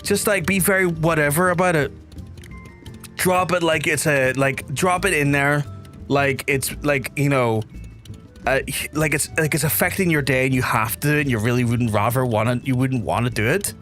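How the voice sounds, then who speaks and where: A young man from Belfast with a softened Belfast accent, chatting and rambling to his viewers while he streams a game. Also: medium pitch, moderate pace, soft background music. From Northern Ireland. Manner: rambling, chatty, reads chat aloud. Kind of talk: casual game stream chat.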